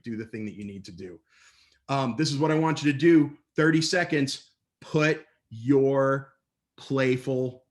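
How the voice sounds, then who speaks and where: Playful, animated man giving an online talk. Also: mid-range voice. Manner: lively, playful storyteller with quick put-on voices for others. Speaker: presenter. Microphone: computer mic on a video call.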